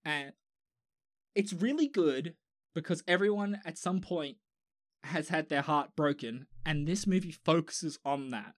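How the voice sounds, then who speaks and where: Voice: medium pitch, expressive, measured pace, no echo, studio quality. A young adult with an Australian accent, co-hosting a casual podcast chat, rambling with restarts, fillers and swearing. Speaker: podcast co-host.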